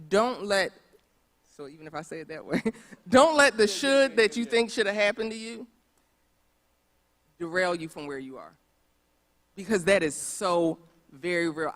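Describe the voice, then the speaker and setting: A woman speaking on a church conference panel, animated and emphatic, repeating phrases for stress. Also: mid-range voice. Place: church auditorium.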